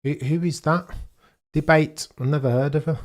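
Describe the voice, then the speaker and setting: A man's voice: a little high, normal speed. Chatty man streaming live. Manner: chatty, excitable, talks to chat, banters. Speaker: live-stream watchalong host. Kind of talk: casual live-stream chat with viewers.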